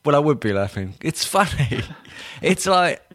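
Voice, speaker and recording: A man's voice: a little high, sing-song, measured pace, a bit bright, no room sound. A man hosting a podcast in casual chat, joking, laughing often and acting out quoted voices. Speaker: podcast host.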